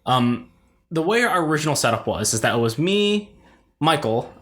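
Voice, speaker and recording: A young man co-hosts a relaxed podcast conversation. He rambles through his stories, piling up filler words and checking in with his listener. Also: on the high side, normal speed. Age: young adult. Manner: rambling, filler-heavy, keeps saying "like" and "right". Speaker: podcast co-host. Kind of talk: casual chat.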